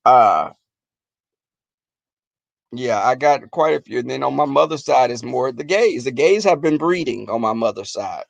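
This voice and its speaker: A man telling comic family stories on his vlog, animated and profane, often breaking into laughter. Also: medium pitch, unhurried, vocal fry, long pauses, no echo. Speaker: vlogger. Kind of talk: comic storytelling.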